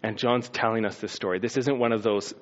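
A man preaching a sermon as a pastor, telling the story with lively acted-out scenes and sound effects. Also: fairly low pitch, a little fast, lo-fi sound.

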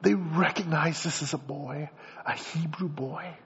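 A man's voice: fairly high pitch, measured pace, slightly rough. A man preaching a sermon, acting out a story scene by scene and calling on the congregation. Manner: animated, acts out scenes, addresses congregation. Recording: dull lo-fi sound.

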